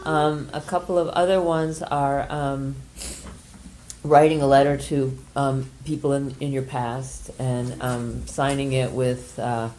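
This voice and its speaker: An older woman leading a workshop group, speaking gently and hesitantly with many pauses as she explains an exercise and shares a personal story. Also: extremely low pitch, flat delivery, slight background noise. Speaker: workshop leader.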